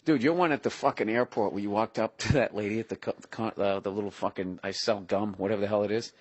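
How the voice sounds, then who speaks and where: A man's voice: lowish voice, fast talker, a little mellow, no echo. A man hosting a podcast, joking in profane, punch-drunk banter with a friend on tour and reading ads casually. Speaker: podcast host. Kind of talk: casual chat and ad reads. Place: touring on the road.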